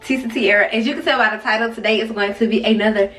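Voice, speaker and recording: A woman's voice: on the high side, fairly even intonation, quick pace, fairly bright tone. A young woman vlogger telling a casual story, chatty and speaking straight to her viewers with side remarks. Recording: distant mic with faint music.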